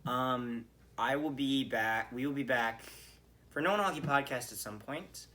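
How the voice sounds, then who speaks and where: Male podcast host, bright and edgy tone, animated fan reaction with frequent cursing. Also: medium pitch, measured pace. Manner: animated, swearing, ranting. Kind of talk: solo hockey game reaction.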